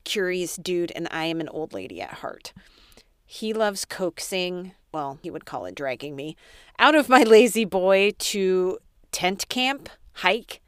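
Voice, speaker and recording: A woman's voice: fairly low pitch, fairly bright tone, clear, resonant tone, no room sound, clean studio sound. A woman hosting a podcast, telling her own story in a candid, self-deprecating way and talking straight to her listeners. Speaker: podcast host.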